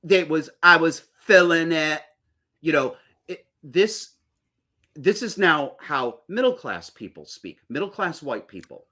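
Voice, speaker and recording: A man's voice: fairly high pitch, animated, unhurried, bright, forceful tone. A middle-aged man in casual chat as a podcast guest, blunt and profane as he rants about how people talk.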